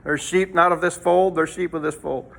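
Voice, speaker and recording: A man's voice: a little high, fairly even intonation, normal speed, vocal fry, a bit bright. A man teaching a folksy Sunday school lesson, rambling and throwing in rhetorical questions.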